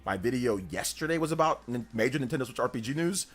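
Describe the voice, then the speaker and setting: A man hosting a casual gaming news livestream, chatting freely, reading out viewer questions and telling animated stories with frequent laughter. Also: medium pitch, fast talker. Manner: animated storyteller, laughs often, answers chat questions.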